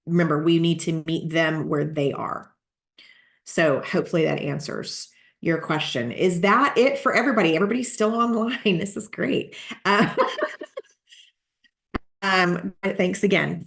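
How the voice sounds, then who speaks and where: A woman's voice: on the low side, a bit bright. A woman real estate coach giving a live online coaching session, practical and repeating her key points for emphasis, over a video call.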